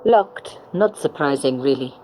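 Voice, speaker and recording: A wry young game narrator. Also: female voice, rumbling low, lively intonation, measured pace, warm tone, soft background music, poor audio. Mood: dry. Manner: dry, sardonic.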